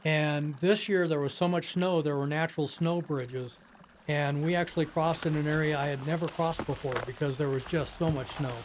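A man in his sixties tells the story of his own backcountry ski emergency in an interview, unhurried and plain, pausing often. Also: fairly high pitch, steady tone, slight background noise. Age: 60s. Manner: plain, unhurried storytelling with many pauses and "you know". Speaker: skier telling his rescue story. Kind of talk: recounting a personal story in an interview.

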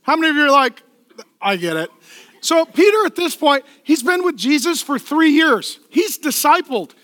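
A male pastor preaching a lively, playful sermon in a church, acting out the people in the story. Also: extremely high pitch, normal speed, dry recording. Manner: animated, playful, acts out voices and laughs at own jokes.

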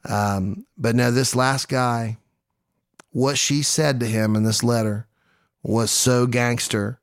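A man's voice: medium pitch, slow, clean tone, no room sound. Guy hosting a crime podcast, dry close mic, keeps doing silly voices for the people in the story. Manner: animated storytelling, acting out quotes in goofy voices; self-deprecating, jokey. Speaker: podcast host. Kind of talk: casual true-crime chat.

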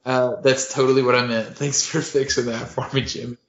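Comedy podcast host, man, deadpan and crude, roomy lo-fi mic. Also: medium pitch, a little fast. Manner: deadpan, profane, mock-serious. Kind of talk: casual comedic storytelling.

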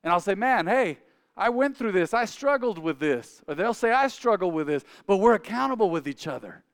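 High-voiced man preaching in a reverberant hall. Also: clean tone. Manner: animated, acts out dialogue in quick voices. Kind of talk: sermon-style storytelling.

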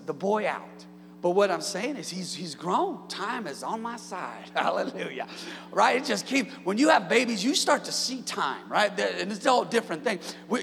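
A man in his thirties preaching a sermon in a church, calling out to the congregation and building up to shouts. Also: sits high, creaky, long reverb tail, slight background noise. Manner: call-and-response preaching, rising to shouts. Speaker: pastor. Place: church sanctuary.

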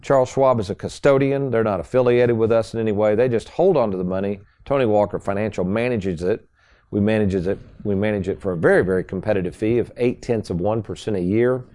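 A man's voice: fairly low pitch, quick pace, mellow. A man hosting a radio talk show as a financial advisor, folksy and salesy, speaking to listeners as folks.

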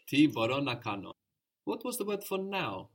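A man's voice: mid-range voice, big pitch swings, normal speed. A man teaching a language lesson, patient and encouraging, explaining each point step by step.

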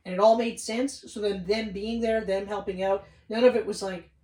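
Profane, excitable woman in a roomy echo. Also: mid-range voice, moderate pace. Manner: excitable, profane, acts out scenes in quoted voices. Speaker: podcast co-host. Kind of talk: casual movie discussion. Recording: roomy sound from a distant mic.

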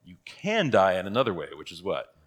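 A man's voice: sits low, wildly swooping pitch, fairly quick. A man teaching a church catechism class in a casual, conversational way, asking rhetorical questions and laughing at his own asides.

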